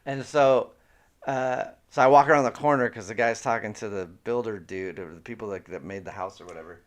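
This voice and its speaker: A man's voice: fairly low pitch, a little fast. A man co-hosting a podcast, telling self-mocking stories in casual, profane chat. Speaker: podcast co-host.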